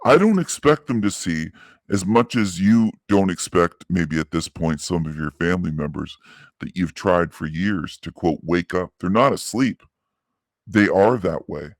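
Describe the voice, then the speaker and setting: Deep-voiced man giving measured commentary. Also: dry recording, studio quality. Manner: measured, explaining, earnest. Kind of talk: reflective commentary monologue.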